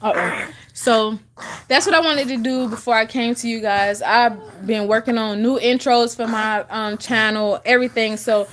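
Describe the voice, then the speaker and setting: A woman's voice: a little high, fairly even intonation, normal speed, fairly bright tone, a little hiss or hum. A woman in her twenties chatting casually to her viewers, full of fillers and restarts, chewing gum as she talks. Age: 20s. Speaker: vlogger. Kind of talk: casual chat to camera.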